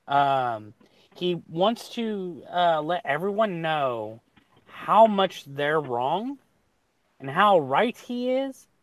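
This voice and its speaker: A man on a casual livestream hangout, talking in a rambling, animated way with lots of restarts. His voice sits on the high side for a man. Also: extremely slow, no room sound. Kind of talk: casual chat.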